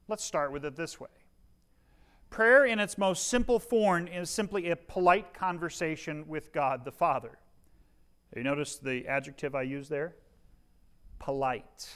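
A man's voice: a little high, fairly bright tone. A middle-aged male pastor preaching a sermon, earnest, with dry humorous asides and shifting volume.

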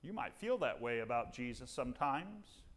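A man preaching a sermon as pastor, dramatic and full of rhetorical questions, leaning on slow, emphatic pauses. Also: medium pitch, big pitch swings, slight background noise.

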